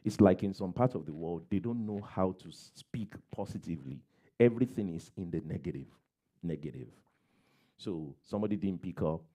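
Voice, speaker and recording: A man's voice: low voice, animated, moderate pace, warm tone. A man preaching a sermon as a pastor, giving plain advice, repeating key phrases and acting out everyday quotes.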